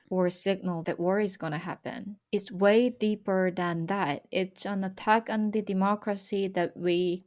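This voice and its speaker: A woman's voice: medium pitch, fairly even intonation, unhurried, few pauses. A young woman from South Korea, speaking earnestly and with emotion as a podcast guest about her country's history. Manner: earnest, emotional, repetitive emphasis. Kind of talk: personal conversation about history.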